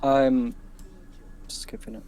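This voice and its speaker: A man in a mid-range voice runs a tabletop game at an unhurried pace. He trails off into fillers as he works through the rules. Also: medium pitch, sing-song, vocal fry. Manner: hesitant, many fillers, fumbles with the software. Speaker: game master.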